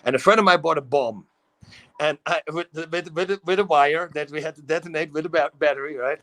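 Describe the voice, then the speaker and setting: A middle-aged man with a Dutch accent, telling animated stories in a casual talk show. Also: on the high side, a little fast, poor audio. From Netherlands. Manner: animated storytelling, acts out quotes, laughs often. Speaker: guest. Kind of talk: casual storytelling.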